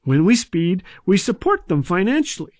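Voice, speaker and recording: With a high-pitched, sing-song voice that's a little mellow and free of echo, this radio humor host speaks at a moderate pace. His comic stories and jokes come across scripted and dry.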